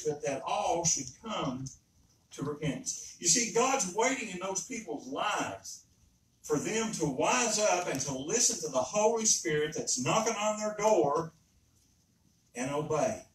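Earnest preacher in an echoing church. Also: male voice, fairly high pitch, a little hiss or hum. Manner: earnest, emphatic, repeats himself. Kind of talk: sermon. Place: church sanctuary. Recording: roomy echo, speaker far from mic.

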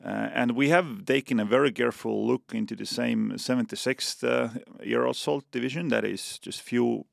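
A defense official, a man with an Estonian accent, explains policy as a guest on a podcast, speaking deliberately with lots of fillers and restarts. His voice is medium-pitched and gravelly, recorded in a clean studio with no echo.

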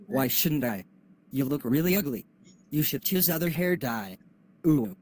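A man's voice: on the high side, lively intonation, measured pace, a little mellow. A male student playing a jeering schoolboy bully. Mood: taunting. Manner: taunting, cackling.

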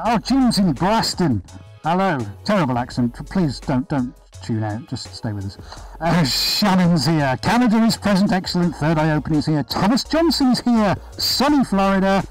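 A man's voice: high voice, poor audio. Chatty man hosting a live art stream. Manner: chatty, upbeat, greets viewers by name. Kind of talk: casual live-stream chat. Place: art studio, indoors. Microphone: body-worn chest camera.

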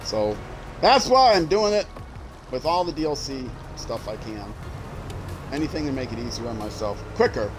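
A man's voice: mid-range voice, very animated, normal speed, noisy background. A man streaming a game, chatting casually as he plays, musing aloud and restarting his sentences. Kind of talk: casual gameplay commentary.

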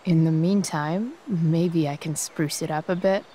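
A woman's voice: deep voice, unhurried, warm tone, far from the mic, slight background noise. An actress voicing a rebellious, sardonic teenage girl in a game, muttering dry remarks to herself. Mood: wry. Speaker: game character.

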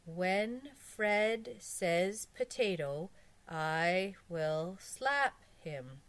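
A woman voicing a flustered female smoker who turns flat and droning under hypnosis. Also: on the low side, very slow, no room sound. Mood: droning entranced.

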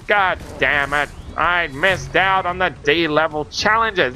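Young Australian man, Australian accent, let's play host; high, piercing voice, excitable and jokey. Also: slow pace, few pauses, a little hiss or hum. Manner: excitable, yelps and jokes at the game. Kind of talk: gameplay commentary.

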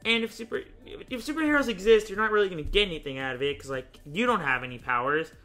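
A young man hosting a casual gaming video, chatting and thinking out loud, often laughing as he rambles through choices. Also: high voice, expressive, quick pace, soft background music. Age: young adult. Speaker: YouTube host playing a choice game.

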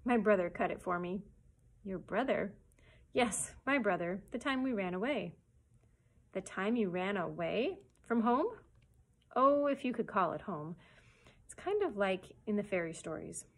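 A woman's voice: medium pitch, lively intonation, measured pace. Woman reading a folksy salon lady. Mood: reminiscing. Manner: folksy, reminiscing, warm small-town talk. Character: friendly homespun female beauty salon worker.

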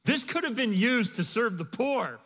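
A man's voice: mid-range voice, expressive, normal speed, darkish tone, breathy edge. A man voicing indignant dinner guests, scandalized and sneering, in a sermon. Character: indignant grumbling dinner guests, adult men.

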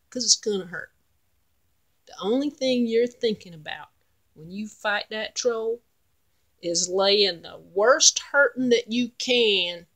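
A woman's voice: mid-range voice, fairly bright tone. A woman with a Southeastern North Carolina accent telling a folk tale in a folksy, drawling manner with dialect grammar. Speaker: storyteller.

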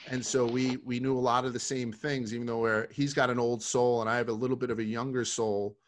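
A man's voice: medium pitch, level tone, brisk. A middle-aged man from Brooklyn, a podcast guest telling stories in a rambling, profane, casual way. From Brooklyn, New York.

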